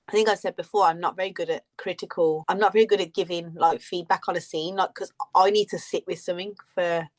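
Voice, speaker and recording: A woman with a fairly low voice co-hosts a relaxed podcast chat. She rambles through her stories and laughs often as she talks. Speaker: podcast co-host. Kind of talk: casual chat.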